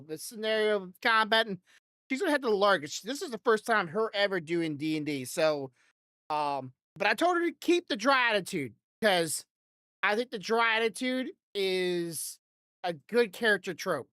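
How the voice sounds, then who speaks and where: A woman's voice: mid-range voice, animated, normal speed, fairly bright tone, dry recording, studio quality. A woman hosting a podcast in loose, rambling casual chat, swearing freely and laughing often into a desk microphone. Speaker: podcast host.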